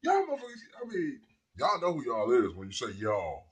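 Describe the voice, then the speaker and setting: A man's voice: lowish voice, big pitch swings, moderate pace, husky. A man delivering a rambling, profane comedic rant to his viewers. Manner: profane, rambling, laughs at people. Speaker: vlogger.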